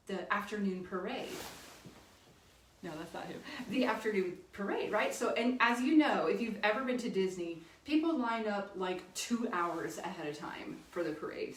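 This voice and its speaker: A woman telling a funny story in a chatty way, often laughing and correcting herself. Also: mid-range voice. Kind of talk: casual storytelling. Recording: echoey room, distant mic, faint noise.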